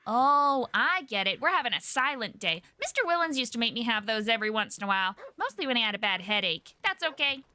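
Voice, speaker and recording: Woman acting out a naive frontier girl, role-play game, folksy drawl, bright high voice, lively pitch, gentle coaxing. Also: brisk, hardly any pauses, slight background noise. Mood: chatty. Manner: folksy drawl with ain't and gotta; soothing, coaxing tone with animals.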